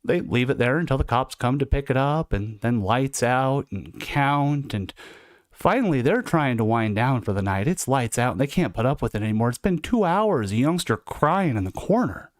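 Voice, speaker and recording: A man's voice: mid-range voice, lively intonation, moderate pace, no room sound, studio quality. A man hosting a livestream, telling stories in a conversational, reflective way. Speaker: livestream host recounting incarceration. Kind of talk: casual storytelling monologue.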